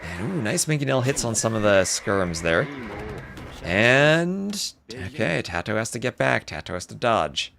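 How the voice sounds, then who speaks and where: Male game caster, deep register, lively swinging delivery, casual anecdotes between play-by-play. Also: a little slow, gravelly, slight background noise. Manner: chatty, storytelling asides between excited play calls. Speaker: esports caster. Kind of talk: live game commentary with casual chat.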